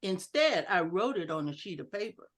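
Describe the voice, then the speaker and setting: A woman's voice: fairly low pitch, normal speed. A woman giving an educational talk on a video call, playfully acting out different inflections of one sentence. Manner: animated, playful, acts out inflections. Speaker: educational speaker at a club meeting. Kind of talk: online presentation with audience exercises.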